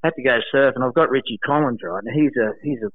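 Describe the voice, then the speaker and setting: A man, a former pro surfer, telling animated anecdotes in casual chat, acting out voices and laughing often. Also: mid-range voice, quick pace, no room sound. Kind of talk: casual storytelling. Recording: dry, phone-like narrow sound.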